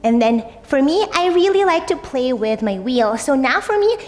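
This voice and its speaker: A woman's voice: high-pitched, big pitch swings, normal speed. A young woman teaching a yoga class in a casual, upbeat way, often adding "like" and "right?". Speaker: yoga instructor. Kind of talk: guided yoga class instruction. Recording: long reverb, faint music.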